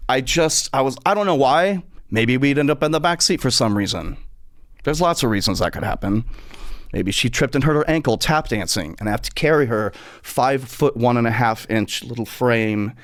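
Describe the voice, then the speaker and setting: Man, middle-aged, comic podcast storyteller, animated, profane, mid pitch, dry close sound. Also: dry recording. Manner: animated, acts out voices in quotes, profane. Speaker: podcast host.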